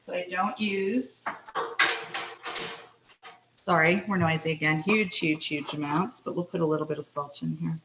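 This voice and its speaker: Middle-aged canadian lady chatting while she cooks, lowish voice, echoey kitchen w faint hiss. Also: steady tone, moderate pace, long pauses. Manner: chatty and self-deprecating, apologizes often. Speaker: cooking show host. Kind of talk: casual cooking demonstration. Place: home kitchen.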